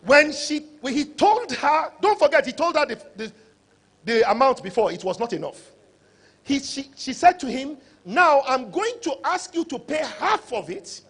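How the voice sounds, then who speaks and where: A middle-aged man gives a motivational conference speech, telling a story and acting out the dialogue. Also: very high voice. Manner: animated, acts out dialogue in stories. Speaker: conference speaker.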